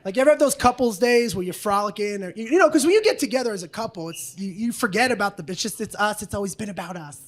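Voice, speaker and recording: A man's voice: high voice, expressive, fast talker, few pauses. A man doing a stand-up comedy routine on a club stage, brash and profane, often slipping into other people's voices.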